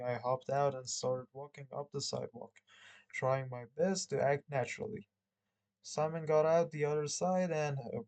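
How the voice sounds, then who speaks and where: Sex: man. Role: channel host. Style: casual chat and reading a book aloud. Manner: rambling, self-correcting, quick to laugh. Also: medium pitch, darkish tone, clear, resonant tone, poor audio.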